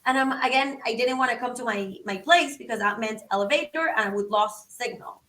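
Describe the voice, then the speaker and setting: A woman's voice: a little high, fairly quick, pushed and bright. A woman from Venezuela, a podcast guest telling a story animatedly and acting out both sides of conversations. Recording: roomy, from a distance.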